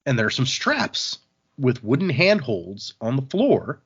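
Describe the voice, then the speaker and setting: A man recaps a story in casual podcast chat, his pitch lively and bouncing. His voice is a bit husky. The audio sounds dull and muffled. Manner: retells scenes, quoting characters in quick asides. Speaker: podcast host summarizing chapters.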